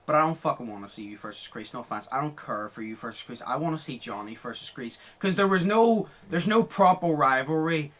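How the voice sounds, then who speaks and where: A young man hosting a podcast, chatting casually, excitable, laughing often and swearing freely. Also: fairly high pitch, fairly quick, few pauses. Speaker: podcast host.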